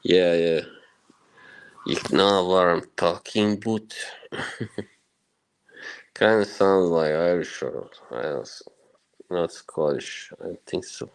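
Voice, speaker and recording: A man's voice: deep voice, measured pace, creaky, a little mellow, clear, resonant tone, poor audio. A man hosting a live stream, casually chatting and answering viewer comments, chuckling often between remarks.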